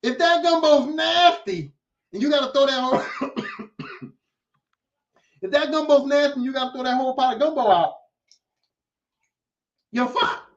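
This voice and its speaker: A man hosting a podcast, ranting in a casual, animated monologue that is full of swearing and repeated phrases. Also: extremely high pitch, normal speed, pauses often. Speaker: podcast host. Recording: echoey, distant, dull lo-fi.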